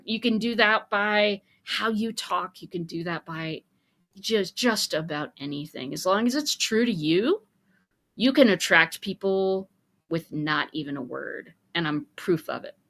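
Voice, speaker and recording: A woman guest on a podcast, telling personal stories in a casual, animated way, often pausing on 'uh' fillers, talking over an online video call. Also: mid-range voice, no room sound. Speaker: guest, business owner.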